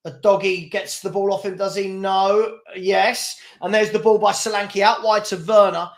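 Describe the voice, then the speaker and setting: Exasperated livestream football host. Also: male voice, high voice, level tone, normal speed. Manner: exasperated, ranting at chat between play-by-play. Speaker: watchalong host. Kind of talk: live match commentary and chat.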